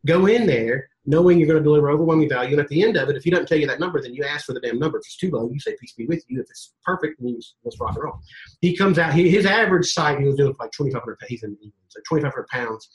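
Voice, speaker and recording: A man telling stories in a casual podcast interview as a guest coach, animated, acting out quotes and swearing casually. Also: fairly high pitch, very fast, low-quality recording.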